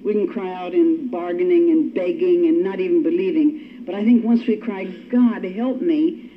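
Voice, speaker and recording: A woman's voice: fairly low pitch, fairly even intonation, brisk. An older woman giving a personal testimony at a recovery meeting, telling her story in a wry, self-mocking way. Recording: dull lo-fi recording with faint hiss.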